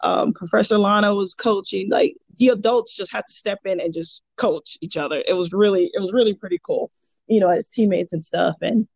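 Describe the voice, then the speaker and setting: A jiu-jitsu purple belt who coaches kids chats casually on a podcast, rambling through stories full of fillers and restarts. Her mid-range voice is husky and darkish with vocal fry, a little fast, with no echo.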